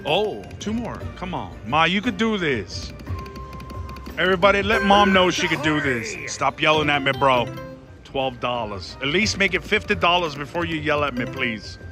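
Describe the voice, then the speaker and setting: A man playing slots on a casino floor, giving excitable running commentary and calling out to his viewers and his mom. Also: fairly high pitch, normal speed. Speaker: casino slot vlogger. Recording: casino floor with loud music. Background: slot machine music.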